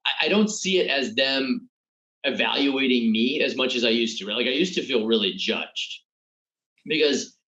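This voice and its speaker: A man's voice: mid-range voice, lively intonation, moderate pace, pushed and bright, dull audio. A man guest in a casual interview, talking through his thoughts and often repeating words as he finds his point. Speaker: guest entrepreneur.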